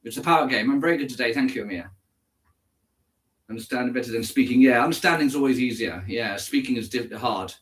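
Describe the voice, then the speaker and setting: A man from England, a native English speaker, chats casually on a livestream, reading chat and answering viewers by name. He sometimes slips into German. His medium-pitched voice is brisk and fairly bright.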